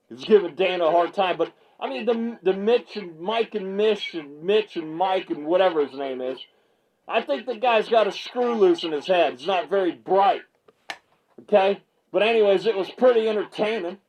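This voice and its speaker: A man's voice: high voice, moderate pace, darkish tone, rough recording. A male MMA media host in a fired-up reaction rant, stammering and repeating himself as he gets worked up on his small video set.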